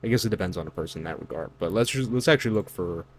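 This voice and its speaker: A man's voice: low voice, lively intonation, rapid-fire. A man giving reaction commentary on song lyrics, incredulous and lecturing, with loose fillers and restarts. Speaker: online commentator.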